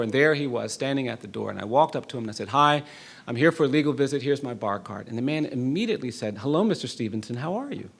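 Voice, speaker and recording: This is a middle-aged man giving a lecture in a hall, and his voice is deeply gravelly with a husky, breathy edge. He tells a personal story in an earnest, measured way and lets his emphasis swell at key moments. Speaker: law professor and speaker.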